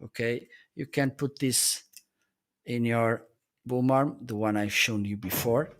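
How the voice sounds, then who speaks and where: Man, livestream host, casual gear demo, mid-pitched voice, explains step by step, non-native english phrasing. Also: fairly even intonation, takes it slowly, a bit bright. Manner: explanatory, often checks in with "okay". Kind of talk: casual product demonstration.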